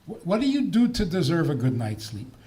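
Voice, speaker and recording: A man's voice: on the high side, fairly quick. An older man, a rabbi, giving a talk on faith with jokes and rhetorical questions. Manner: animated, joking, rhetorical questions.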